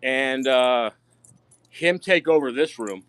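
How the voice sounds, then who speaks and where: A man giving a casual live-stream tour of his diecast collection, excitable, swearing freely and repeating himself. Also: medium pitch, slow pace, clear, resonant tone, no room sound. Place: home storage rooms and outdoors at night.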